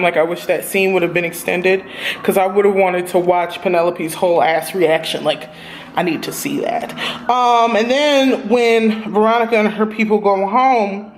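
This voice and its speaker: Speaking straight to her viewers in a mid-range voice, a woman reviews a TV episode in a casual vlog, animated and profane. There's slight background noise.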